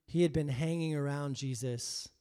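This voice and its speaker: A man preaching a sermon, acting out biblical figures in his own voice and moving between hushed asides and loud, emphatic lines. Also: fairly high pitch, normal speed, clean tone. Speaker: pastor.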